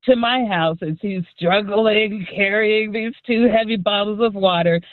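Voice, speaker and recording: A woman calling in to a radio show, telling a story in a lively way and acting out the people in it. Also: mid-range voice, unhurried, dry recording. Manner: lively storyteller who acts out the voices. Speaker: caller. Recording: tinny phone line.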